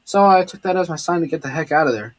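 Guy reading a story in first person, steady, stumbles now and then, dry close mic. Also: fairly high pitch, quick pace, no room sound. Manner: steady reading with occasional slips and restarts. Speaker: audiobook narrator. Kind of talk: first-person audiobook narration.

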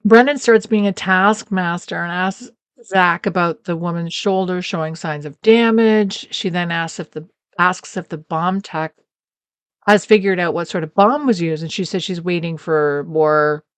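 A woman's voice: fairly low pitch, unhurried, clear, resonant tone, no echo. A woman co-hosting a podcast, casually recapping a TV episode and acting out characters' lines. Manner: animated, mimics characters in quotes. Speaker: podcast co-host.

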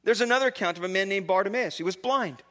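Male pastor, animated sermon delivery, high and bright tone. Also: fast talker. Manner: animated storytelling with casual asides.

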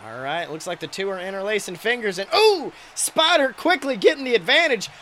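Man doing a high, crude wrestling announcer. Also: brisk, slight background noise. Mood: excited. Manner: profane, excitable, shouts big moves. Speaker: wrestling commentator character. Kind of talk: comedic play-by-play commentary.

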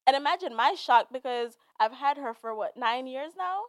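A young woman with a slightly high voice hosts her own podcast in a loose, unscripted monologue. She swears freely and slips between laughter and tears as she talks. The recording is close and dry, with almost no room sound. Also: expressive, moderate pace, no room sound. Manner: candid, profane, laughing and emotional. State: teary, laughing through tears. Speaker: podcast host. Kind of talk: casual monologue.

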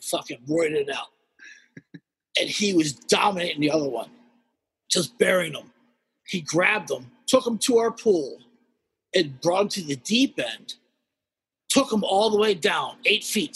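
A man telling a wild story in casual podcast chat, animated and swearing heavily as he acts out the characters. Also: sits high, slightly rough, in a large hall. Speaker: guest storyteller.

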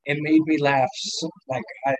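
This young man, a podcast guest, swears a lot and laughs frequently as he rambles through stories in a casual chat. His voice sits a little high with a level tone and moderate pace, and background noise can be heard.

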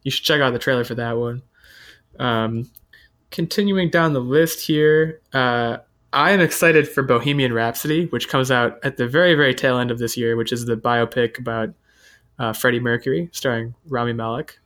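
Man, host, casual chat, relaxed, ums and uhs, mid-pitched voice. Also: normal speed. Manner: relaxed, lots of fillers, reading from an article. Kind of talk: casual chat about upcoming movies.

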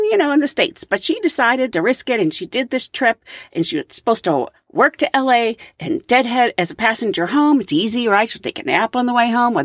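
A woman's voice: fairly low pitch, no room sound, clean studio sound. A woman podcast host who works as a flight attendant, telling a story in chatty, casual storytelling. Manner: chatty, animated, with fillers and laughs.

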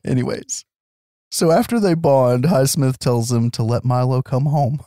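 Recorded in clean studio quality without room sound, a medium-pitched, mellow-voiced man speaks at a measured pace. He's casually recapping a movie on a podcast in comedic chat, often laughing and putting on silly voices for characters.

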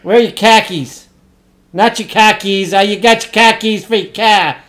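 A man putting on a loud, brash Boston tough guy. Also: high-pitched, unhurried. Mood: blustering. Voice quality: loud and blustery. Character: brash man with a thick local accent challenging a rival to a duel.

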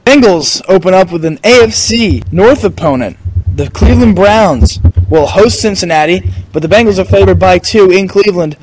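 A man with a fairly high voice hosts a casual sports podcast. He steers the talk briskly from game to game and turns to his co-hosts for their picks. Faint noise sits under his voice. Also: animated. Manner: runs the segment, calling on co-hosts for picks. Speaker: podcast host.

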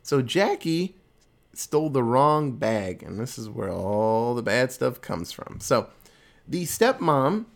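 A man talking through a movie plot in an easygoing, joking way, slipping into little voices for the characters. His pitch sits in an ordinary middle range for a man. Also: very animated, gravelly. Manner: laid-back, jokey, acts out characters in quick asides. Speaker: podcast host recapping a film. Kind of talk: casual chat.

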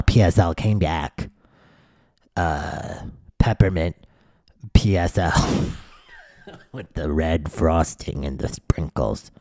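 A man's voice: deep voice, dark tone, no echo, clean studio sound. A man hosting a solo podcast, ranting in a profane, sardonic way and mocking the voices of people he dislikes. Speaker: podcast host. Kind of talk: solo comedic rant.

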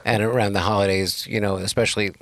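Low gravelly laid-back man. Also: fairly even intonation, fast, fairly bright tone, no echo. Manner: laid-back, chuckling, plain-spoken. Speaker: podcast guest, business owner. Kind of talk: casual chat.

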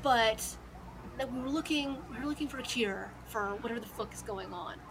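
A jittery young male elf thief, as a woman puts him on, babbling and swearing in a rush. His voice rides high and bright, tumbling over itself. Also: brisk, a little hiss or hum, low-quality recording. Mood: panicky.

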